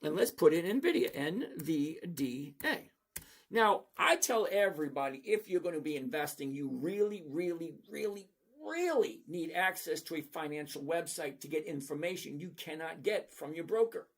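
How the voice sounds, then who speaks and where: A middle-aged man with a high, gravelly voice walks through stock charts in a blunt, sarcastic way. He talks straight to his viewers by name. His tone is casual and unfiltered. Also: animated, normal speed. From lives in Florida. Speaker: trading channel host. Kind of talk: casual stock commentary over a screen share.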